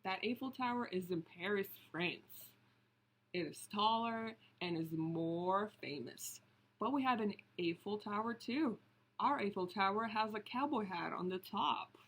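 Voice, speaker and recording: A woman's voice: mid-range voice, measured pace, a bit bright, breathy edge. A woman reading the lines of a friendly, polite young boy from France in a picture book.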